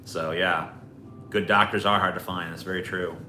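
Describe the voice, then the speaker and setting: A man holds forth on his livestream, blunt and rambling, swearing freely as he goes. His voice sits a little low but has a sharp, forceful edge. The room is echoey, with faint music playing underneath. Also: fairly even intonation, normal speed, slight background noise. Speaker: livestream host. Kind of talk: casual stream chat.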